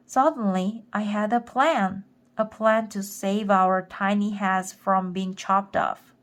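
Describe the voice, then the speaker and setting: A woman's voice: mid-range voice, fairly even intonation, slow. A woman reading a children's chapter book aloud for English learners, going back over any word she stumbles on. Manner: careful, rereading stumbled words. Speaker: storybook reader.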